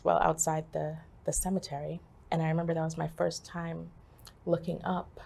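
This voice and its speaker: A woman telling a personal story as an interview guest, halting and full of pauses and fillers. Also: sits low, gravelly, darkish tone, breathy edge. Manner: halting, with many fillers and restarts.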